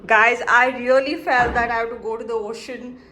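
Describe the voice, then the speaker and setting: A young woman, chatting excitedly to viewers in a casual travel vlog. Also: a little high, normal speed, slight background noise. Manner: chatty and excitable, keeps addressing viewers as guys. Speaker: travel vlogger. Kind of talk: casual vlog talk to camera. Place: resort villa and restaurant in hot weather.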